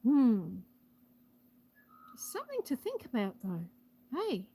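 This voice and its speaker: A woman's voice: on the high side, wildly swooping pitch, slow, mellow, slightly rough, low-quality recording. A woman hosting a casual live stream on her property, a bit out of breath, chatting and reading out viewer comments. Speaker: homestead livestream host. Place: outdoors on a rural property. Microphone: phone held for live stream.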